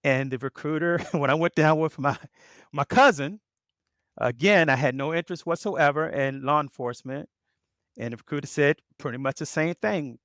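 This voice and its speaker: Animated middle-aged man telling stories. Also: on the high side, normal speed, no room sound, studio quality. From Baltimore. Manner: animated storyteller who acts out quoted voices. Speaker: guest, author and former police officer. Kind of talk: storytelling in a podcast interview.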